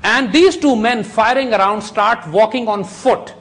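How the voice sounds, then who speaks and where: A middle-aged man, a guest on a TV talk show, arguing a case forcefully and firing off rhetorical questions. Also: high-pitched, unhurried. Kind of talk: argumentative TV discussion.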